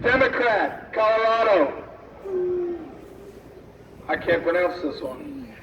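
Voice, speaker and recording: A man speaking at a rally, slowly reading out a roll call and stumbling over names, in an outdoor speech. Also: high-pitched, slight background noise. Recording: distant, echoey, dull lo-fi sound with faint ambience.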